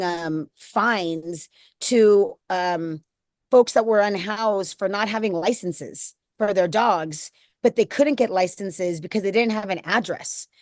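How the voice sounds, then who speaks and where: A woman's voice: mid-range voice, no echo. Heartfelt rambling woman, dry sound. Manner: heartfelt, rambling, many fillers and restarts. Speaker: interview guest, nonprofit founder. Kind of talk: candid conversational interview.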